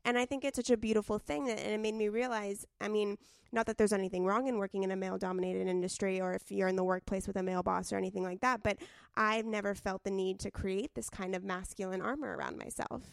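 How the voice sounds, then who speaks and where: A woman's voice: medium pitch, steady tone, fast, gravelly, no echo. Brief: woman podcast host, mid-range voice, dry close mic, eager and chatty. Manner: enthusiastic, chatty, repeats herself. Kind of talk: podcast interview.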